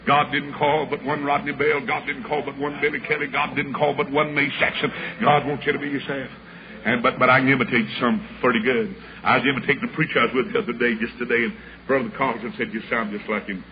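Preaching quickly and with flat delivery, this older man has a mid-range voice. His sermon unfolds as a dramatic, folksy tale in which he voices each of the people involved. Hiss and muffling mark this aged sermon recording.

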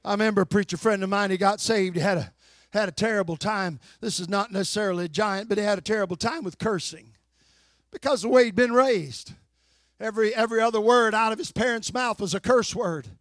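An older man preaches in a strikingly high voice, folksy and plainspoken. He swings between fervent, shouted exhortation and low, slow storytelling. The sound is dry and close, with no room echo. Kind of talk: sermon.

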